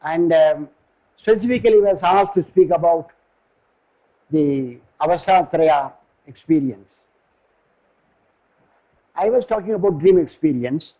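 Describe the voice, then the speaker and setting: An older man from India with an Indian English accent gives a philosophy lecture, digressive and halting, often pausing to search for words. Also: on the high side, lively intonation, warm tone, rough recording.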